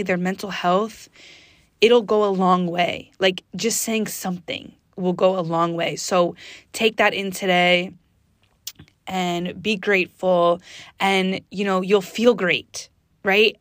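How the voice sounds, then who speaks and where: A woman hosts her own motivational podcast in a lively, chatty monologue, and her voice jumps up high when she gets excited. She speaks close to the mic in a dry, echo-free recording. Her pitch sits in a middle range for a woman. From US East Coast. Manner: energetic, chatty, bursts into high exclamations. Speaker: podcast host.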